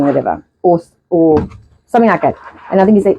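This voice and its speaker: A woman's voice: lowish voice, a little fast, dark tone, breathy edge, poor audio. A woman in her forties hosting a live stream, rambling and swearing in a casual rant from home. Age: 40s. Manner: rambling and profane, acting out her own reactions. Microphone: phone or laptop mic, live stream.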